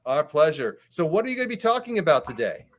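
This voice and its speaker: A man co-hosting an online event, joking in a dry, deadpan way. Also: a little high, fast talker. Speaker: event co-host. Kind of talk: joking banter.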